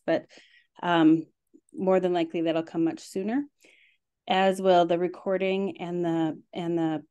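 A woman's voice: fairly low pitch, warm tone. A woman hosting a webinar, giving closing announcements in a casual way with many ums and uhs. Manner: casual, with frequent um and uh. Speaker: webinar host.

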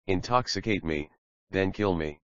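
A devoted young woman begs tenderly and submissively, as a male reader voices her. The voice stays deep and low. The sound is dry and dull, like a plain audiobook recording. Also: a little slow, clear, resonant tone, no room sound. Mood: pleading. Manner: imploring, tender.

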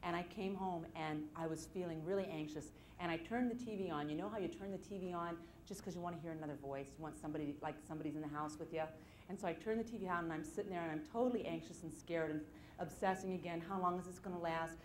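On stage at a live seminar, a motivational speaker tells personal stories with self-deprecating humor, animatedly acting out the quoted voices. Her fairly low voice moves quickly in an echoey room, with a little hiss or hum.

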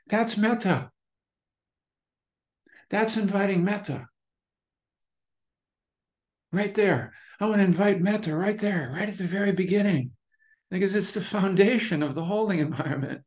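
Unhurried man giving a meditation talk. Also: high voice. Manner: relaxed, repetitive, searching phrasing with many restarts. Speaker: meditation teacher. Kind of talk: dharma talk.

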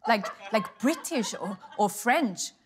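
Austrian woman, German accent, native German speaker; stand-up comic, dry and self-deprecating, slow timing on punchlines, voice on the higher side. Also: animated, background noise. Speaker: stand-up comedian. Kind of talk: stand-up comedy routine.

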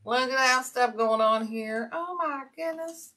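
An older woman from Ohio, USA, hosts a casual wreath-making livestream, chatting in a folksy way and greeting viewers by name. Her voice sits high and she speaks unhurriedly, with noticeable background noise.

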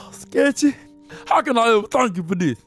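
A man voices a loud, excitable cartoon character who swears freely and talks in street slang. His voice sits high and jumps around in pitch constantly. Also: normal speed, soft background music. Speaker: cartoon creator voicing lead character K-Mo. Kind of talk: comedic cartoon voice acting.

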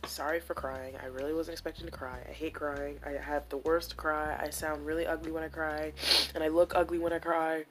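A woman's voice: low voice, flat delivery, a little fast. A young woman talking candidly and emotionally in a personal vlog, with many "like" fillers. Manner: emotional, confessional, full of "like" fillers. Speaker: vlogger.

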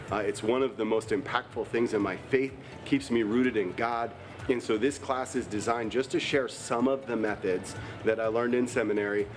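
A man from the church staff giving earnest, conversational announcements before the sermon. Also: medium pitch.

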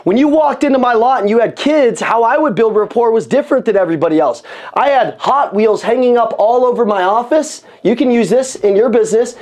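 A man giving an energetic motivational talk on sales to an audience, repeating phrases for emphasis. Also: extremely high pitch, fairly quick. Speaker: sales coach. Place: room with an audience.

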